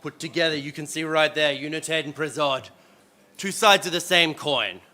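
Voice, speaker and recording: Australian male moderator, very bright and forceful tone, lively and jokey. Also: on the high side, moderate pace. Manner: energetic, self-deprecating, joking. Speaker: event moderator. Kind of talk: live panel moderation.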